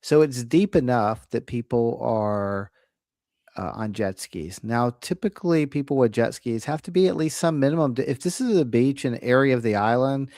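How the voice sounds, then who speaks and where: A man's voice: mid-range voice, expressive, normal speed, darkish tone, no echo, clean studio sound. A man hosting a casual discussion, thinking aloud with frequent restarts and acting out scenarios. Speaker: host.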